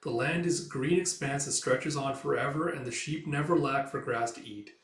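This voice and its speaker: A man playing a loving, well-off husband, tender and courtly, in a mid-pitched voice close to his own. The room is roomy, and he sits back from the mic. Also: normal speed, fairly bright tone, lightly acted. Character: affectionate, well-off husband and host. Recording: roomy echo, mic far off.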